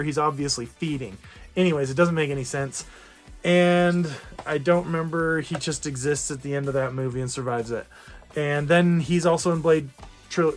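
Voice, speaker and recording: A man hosting a casual movie discussion, rambling and correcting himself often over faint music. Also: on the high side. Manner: rambling, with frequent self-corrections and filler. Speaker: host.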